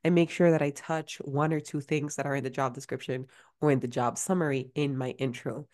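A woman's voice: rumbling low, steady tone, fairly quick, darkish tone. A woman hosting a career-coaching podcast in a chatty, casual way, full of fillers and restarts. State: out of breath at times.

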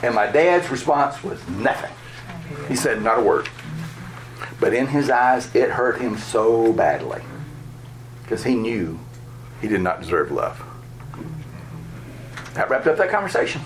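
A man's voice: medium pitch, very animated, a little slow, pauses often, noisy background. A man from Georgia, preaching a sermon through a candid personal story and chuckling at himself. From Georgia, USA. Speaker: pastor.

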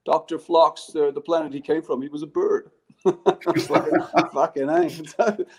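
A man's voice: a little high, measured pace, a little mellow, breathy edge. A man telling a chatty anecdote, laughing as he goes. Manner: chatty, laughing through his story. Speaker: actor guest on a panel. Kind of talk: casual anecdote.

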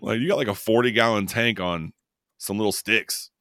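Man, podcast host, casual film chat, fairly low voice, dry sound, lively and swearing. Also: dry recording. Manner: animated, profane, acts out characters in quick impressions. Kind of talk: casual movie review chat.

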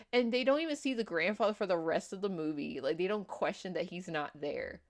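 A young woman co-hosting a podcast, rambling through a movie plot with lots of fillers and quick acted-out quotes. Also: on the low side. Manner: rambling storyteller, many fillers, acts out quotes. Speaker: podcast co-host. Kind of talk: casual movie recap chat.

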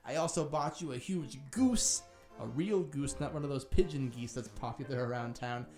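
A brusque old miser, newly reformed, rambles on in a gruff voice, as a man plays him. The sound is echoey, with faint music behind. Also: mid-range voice, moderate pace, darkish tone, natural voice. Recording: roomy echo, faint music.

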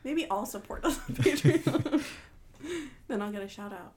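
Young female co-host, higher-pitched, casual and self-mocking, drops swear words. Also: expressive, measured pace, darkish tone, slightly rough. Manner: laid-back, self-deprecating, swearing, giggling. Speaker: podcast co-host. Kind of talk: casual chat.

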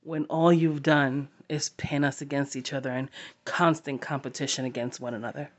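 A woman sharing a personal story to camera, halting and heartfelt, with long pauses. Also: very deep voice, fairly even intonation, dull audio.

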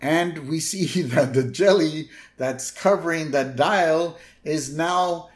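A man co-hosting a podcast, casually recapping a cartoon episode and briefly mimicking its characters. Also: slow pace. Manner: retells scenes, briefly mimicking characters in higher voices. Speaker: podcast co-host.

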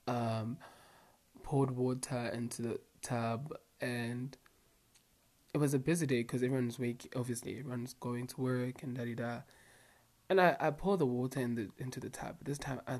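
A young man talks straight to his viewers in a loose, slangy storytime. He rambles through asides and fillers, and his voice sits at an ordinary middle pitch. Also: steady tone, unhurried, long pauses, darkish tone. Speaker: vlogger. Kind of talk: casual storytime monologue.

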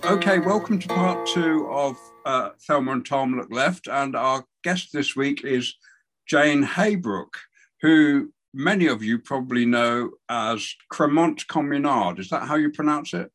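A man's voice: mid-range voice, measured pace, a bit bright, faint music behind. A man co-hosting a political chat podcast, talking casually and hesitantly, often repeating words. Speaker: podcast co-host.

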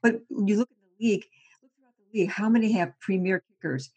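A husky, slightly breathy woman talking sports in a loose, casual chat. She tells animated stories, laughs often and stumbles over repeated words as she speeds along. Her pitch sits in the usual middle range for a woman. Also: fast talker, highs cut off. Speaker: sports reporter.

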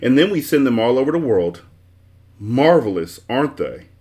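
A man voicing a brisk, bossy twelve-faced male shape who leads the way and gives orders in a storybook reading. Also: medium pitch, sing-song, pitched above the performer's own voice, close to an everyday voice. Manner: commanding, shouting.

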